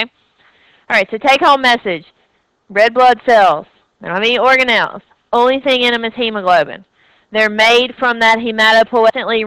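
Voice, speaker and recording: A woman's voice: a little high, bright, forceful tone, smooth, dry recording, low-quality recording. A woman with a Southern US accent giving an anatomy and physiology lecture, chatty and checking in with students with a frequent "okay?". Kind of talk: recorded classroom lecture.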